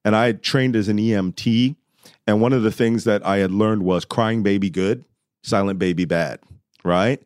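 A middle-aged man, a podcast guest, telling a story in a conversational way and acting out his own past lines, loudly at times. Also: lowish voice, normal speed, no echo, studio quality.

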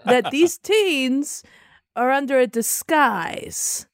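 A woman playing a tabletop game, speaking slowly and deliberately. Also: sits high, expressive, no echo, studio quality. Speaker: player. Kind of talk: in-character game play.

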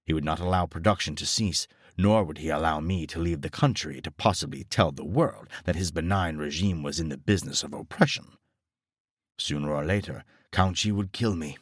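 A man reading a scripted horror story in a steady, grave storytelling manner. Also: sits low, no echo, studio quality. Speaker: narrator.

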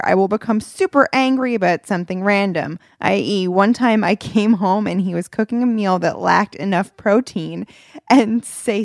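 Woman co-host, wry reader, very lively pitch, some vocal fry, dry mic. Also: no echo. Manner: lively, wry reading with laughs. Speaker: podcast co-host. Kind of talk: reading a listener letter, casual chat.

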